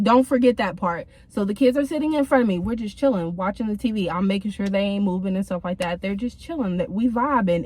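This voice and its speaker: A young woman telling a casual storytime from her car, in a chatty, slangy way with many fillers. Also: mid-range voice. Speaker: vlogger.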